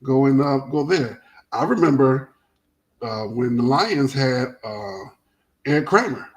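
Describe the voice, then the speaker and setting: A man hosting a casual sports talk show, telling stories in a rambling, animated way with many restarts. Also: mid-range voice, a little slow, low-quality recording.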